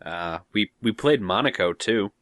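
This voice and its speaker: A young man with a lateral lisp, his pitch swinging lively through each sentence. He banters in a mock-indignant way, and his voice sounds dry and close to the mic. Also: measured pace, no room sound. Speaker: podcast co-host. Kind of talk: casual gaming podcast chat.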